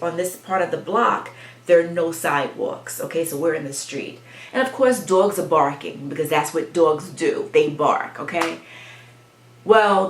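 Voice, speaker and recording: A woman vlogger telling a personal story from her childhood, reflective and pausing as she talks. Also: low voice. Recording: echoey room.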